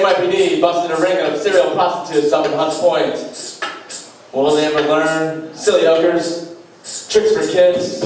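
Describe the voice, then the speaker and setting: A young male comedian delivers deadpan one-liners with a slightly high voice. He sounds distant from the mic, and the small club around him rings with a heavy echo. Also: normal speed, a crowd in the background. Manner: deadpan one-liners with self-deprecating asides. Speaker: stand-up comedian. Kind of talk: stand-up comedy set. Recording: echoey club heard from far off. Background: faint beatbox and room noise.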